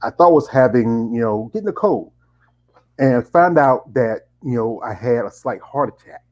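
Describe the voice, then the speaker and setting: A man's voice: mid-range voice, lively intonation, normal speed, lo-fi sound. A man, hosting a casual interview and rambling with many restarts. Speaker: interviewer host.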